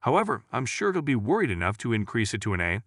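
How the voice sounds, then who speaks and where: A man reading jokes aloud in a lively, storytelling way. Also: medium pitch, fast, dry recording, studio quality. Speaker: joke narrator. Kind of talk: scripted joke reading.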